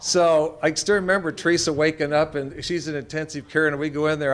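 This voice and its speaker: Speaking a little high and fairly quick with a steady tone, a middle-aged man from Idaho, USA, entertains an audience. He's a veterinarian sharing folksy anecdotes and voicing the people who appear in them.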